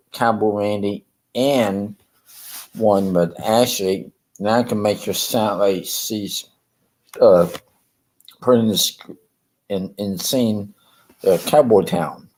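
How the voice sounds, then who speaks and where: A man's voice: lowish voice, darkish tone, poor audio. A man chatting casually on a live stream about his ventriloquist act, rambling and hesitant with many fillers and restarts, chuckling often between thoughts.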